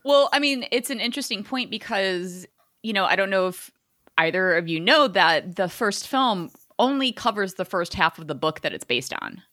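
Upbeat woman co-host, bright and animated, dry close mic. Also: mid-range voice, normal speed, no echo. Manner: laughs often, upbeat and lively. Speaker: podcast co-host. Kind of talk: casual chat.

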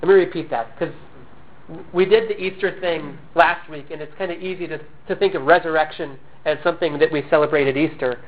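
A pastor with a fairly high-pitched voice preaches fairly quickly, earnest and emphatic. He throws in self-deprecating jokes and is still getting over a cough. The audio sounds tinny, like a phone.

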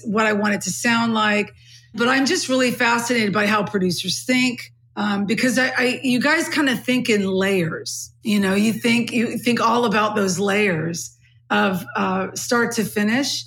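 A middle-aged woman from California hosting a podcast, with a low textured voice. She thinks aloud in casual chat, full of fillers. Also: normal speed, a bit bright. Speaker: podcast host.

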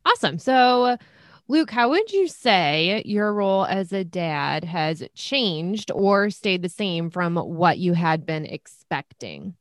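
Young woman co-host, friendly, direct, lower voice, dry sound. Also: very animated, slow pace, no room sound. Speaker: podcast co-host. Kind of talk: casual chat.

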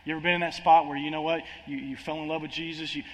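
A man's voice: a little high, flat delivery, very fast, fairly bright tone. A man preaching a sermon as pastor, impassioned, restarting phrases and acting out quotes, recorded in a large church hall. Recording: long hall reverb, faint ambience.

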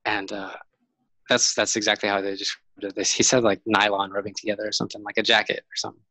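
A man's voice: on the low side, little pitch movement, fast talker, sharp tone, no room sound, poor audio. A man casually retelling a camping story, rambling with many fillers and restarts.

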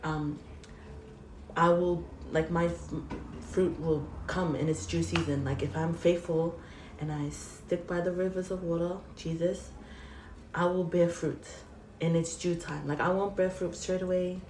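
A woman guest giving an earnest, halting faith testimony in an interview. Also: fairly low pitch, fairly even intonation, a little mellow. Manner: earnest, halting, tearful at times. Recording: roomy, distant, faint hiss.

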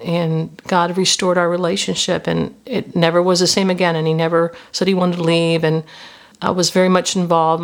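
A woman's voice: lowish voice, creaky. A woman in her fifties, hosting a podcast and telling personal stories as reflective Christian teaching. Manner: storytelling, personal and confessional. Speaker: podcast host.

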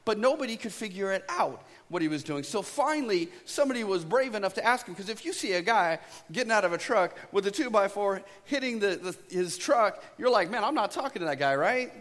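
High-voiced male pastor in a reverberant hall. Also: expressive, a little fast, hardly any pauses, a bit bright. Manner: conversational storytelling preacher, asks "right?" often. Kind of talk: sermon.

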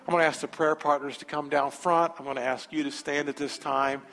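High-voiced preacher in a reverberant church. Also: male voice, fairly quick, few pauses. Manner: animated storytelling, rising to emphatic altar call. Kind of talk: sermon with a personal story. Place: large church sanctuary. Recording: reverberant sanctuary with faint music.

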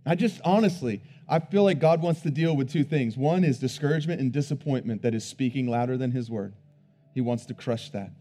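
A man preaching a sermon who swings between hushed, low emphasis and loud, emphatic bursts, repeating words as he builds each point. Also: fairly quick, faint music behind.

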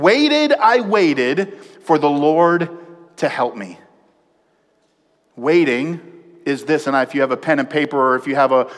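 A man preaching a sermon as pastor, animated, swinging from loud emphasis to hushed, quiet passages. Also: on the high side. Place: church sanctuary. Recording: long hall reverb.

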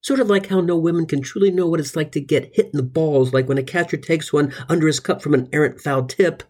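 A man in his forties, a comedy host, telling crude, exaggerated stories about family life in a husky voice. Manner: crude, exaggerated, bursts into high excited jabs. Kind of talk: comic storytelling monologue.

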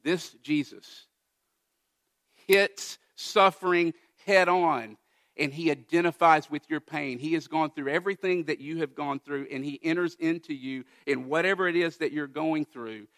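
A man preaching a sermon as pastor of a church, earnest, rising to emphatic peaks and falling to soft, quiet moments. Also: a little high, measured pace.

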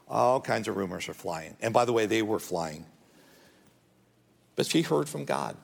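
A man's voice: lowish voice, normal speed, creaky, slightly rough, long reverb tail. A man preaching a sermon as pastor, earnest and rising to pleading as he voices prayers. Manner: earnest, rises to pleading when voicing prayers.

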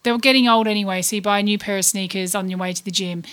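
A woman's voice: mid-range voice, fairly even intonation, rapid-fire, fairly bright tone, clean tone. A woman, co-hosting a podcast in casual chat, giggly and often searching for her words. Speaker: podcast co-host.

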